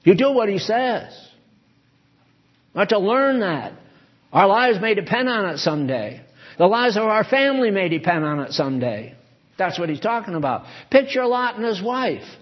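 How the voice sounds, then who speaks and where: High-pitched male preacher, chatty and digressive sermon, muffled lo-fi recording. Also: big pitch swings, moderate pace. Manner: conversational, digressive, asks the listeners questions. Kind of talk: folksy sermon reading and explaining scripture. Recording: dull lo-fi recording.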